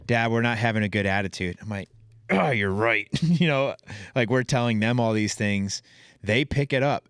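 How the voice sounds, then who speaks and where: Smooth-voiced man hosting a podcast. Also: lowish voice, no echo, clean studio sound. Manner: relaxed, anecdotal, laughs while telling stories. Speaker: podcast host. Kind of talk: casual conversational chat.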